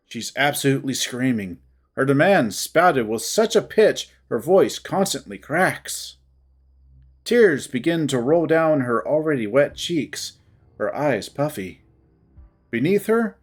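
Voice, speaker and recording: A storyteller giving a dramatic first-person reading of a visual novel. The delivery is slow and breathy. The pitch moves freely to build tension.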